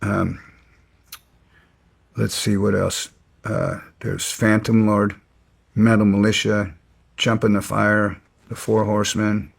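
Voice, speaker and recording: A middle-aged man recounting his past in an interview, halting with frequent restarts. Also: lowish voice, level tone, gravelly, slightly rough. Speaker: guest. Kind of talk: storytelling interview.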